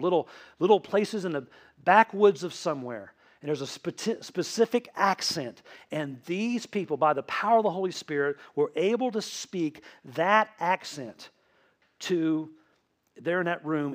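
Tennessee preacher guy, kinda high voice, asking the church questions as he goes. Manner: asks the congregation questions, answered with "right?". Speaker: pastor. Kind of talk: sermon.

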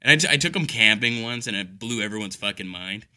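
A man's voice: lowish voice, lively intonation, fast, bright, forceful tone. A man delivering an exasperated, profane comedic rant full of sarcasm. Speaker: caregiver telling stories.

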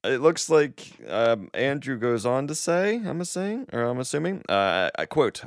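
A man's voice: medium pitch, sing-song, moderate pace, few pauses, no room sound, clean studio sound. A man co-hosting a casual podcast, reading news items aloud and joking along the way. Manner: reads out news items with jokey asides. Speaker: podcast co-host. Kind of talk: casual chat.

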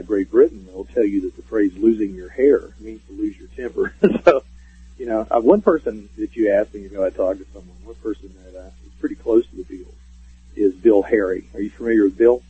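A man's voice: lowish voice, breathy edge, no echo. A man calling in as a guest on a radio show, telling stories at length with many fillers and restarts. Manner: rambling storyteller with many fillers. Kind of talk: casual radio interview. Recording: tinny phone line.

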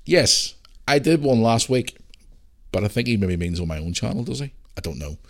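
A man's voice: mid-range voice, sing-song, normal speed. A man with a Northern Irish Belfast accent hosting a podcast and chatting casually, rambling with lots of restarts and the odd swear. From Northern Ireland. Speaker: podcast host. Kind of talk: casual solo podcast chat.

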